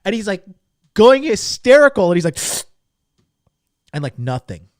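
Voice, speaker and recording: A man hosting a livestream, telling a crude story to his chat in a casual, animated way, swearing freely. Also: on the high side, normal speed, dry recording, studio quality. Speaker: livestream host. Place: lived abroad in Japan.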